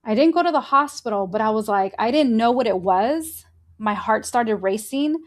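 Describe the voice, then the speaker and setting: A woman hosting a faith-based motivational podcast, talking earnestly and encouragingly straight to her listeners and gently guiding them through breathing exercises. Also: a little high, expressive, moderate pace. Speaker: podcast host.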